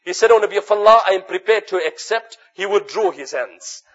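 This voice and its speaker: Male preacher, high voice, earnest storytelling sermon, muffled lo-fi recording. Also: lively intonation, brisk, a bit bright. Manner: earnest preaching, often quotes Arabic narrations. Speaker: Islamic preacher. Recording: dull lo-fi recording.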